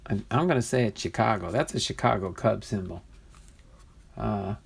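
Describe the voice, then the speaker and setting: A male host opens trading card packs on a casual livestream, chatting and laughing easily as he reads comments aloud. His voice is on the low side, with vocal fry and a breathy edge, at a moderate pace.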